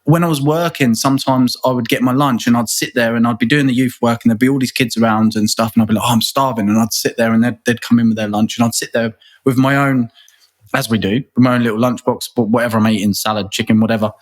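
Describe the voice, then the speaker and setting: A man's voice: mid-range voice, fairly even intonation, fast. A man, a guest in a casual interview, talking earnestly and rambling, often repeating words and restarting. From England.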